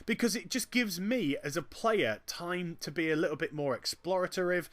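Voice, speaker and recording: A man giving chatty, joking commentary over a video game. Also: high voice. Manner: animated and chatty, with quick jokes. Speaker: gameplay commentator. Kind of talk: gameplay commentary.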